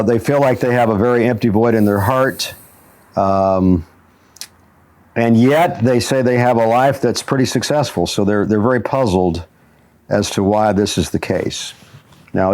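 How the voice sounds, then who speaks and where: On the low side with a darkish tone, this man hosts a motivational talk show and teaches jiu-jitsu. He narrates stories and chuckles often while talking.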